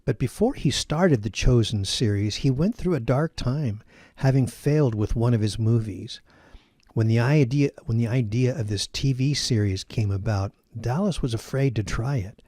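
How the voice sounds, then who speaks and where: Pastor guy preaching, warm mellow voice, dry close sound, steady n earnest. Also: medium pitch, moderate pace, no echo. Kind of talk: sermon teaching.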